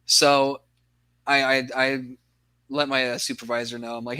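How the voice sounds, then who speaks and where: Young guy podcast cohost, bright voice, dry close sound, rambling yarn full of swearing. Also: mid-range voice, level tone, a little slow, smooth, dry recording. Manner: rambling storytelling, heavy swearing. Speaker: podcast co-host. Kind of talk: casual chat.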